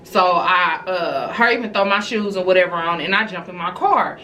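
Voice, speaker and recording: A woman's voice: normal speed, slight background noise, rough recording. A woman telling a story from her family life in a casual story-time vlog, talking straight to her viewers. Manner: animated storyteller, jumping high when retelling her reactions; casual and conversational, addresses viewers directly.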